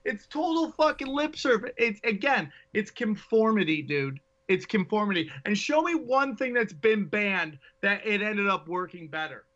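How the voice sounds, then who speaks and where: A man's voice: high voice, animated, moderate pace, few pauses, pushed and bright, muffled recording. A man talking as a podcast guest, a stand-up comic ranting in casual, profane, rambling chat.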